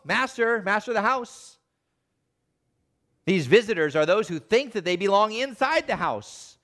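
A man preaching a sermon, animated, acting out the voices of the people he quotes. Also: sits high.

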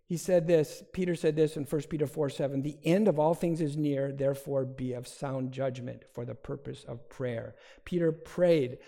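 A man's voice: fairly high pitch, gravelly, dark tone. A man preaching a sermon as pastor, speaking in an earnest, conversational way with frequent restarts.

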